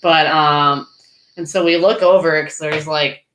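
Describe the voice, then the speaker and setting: A woman's voice: low voice, steady tone, fairly bright tone, slight background noise. A young woman co-hosting a podcast, telling a story at an easygoing pace with many "um"s. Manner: slow, easygoing, with many "um"s and quick back-channel "mm-hmm"s. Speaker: podcast co-host. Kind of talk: casual storytelling. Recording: roomy, echoey mic.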